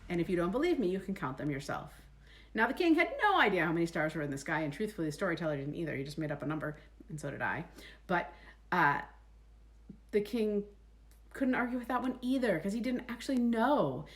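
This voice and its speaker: Casual woman storyteller, chatty with asides, lively low voice. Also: fairly quick. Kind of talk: oral folk-tale telling.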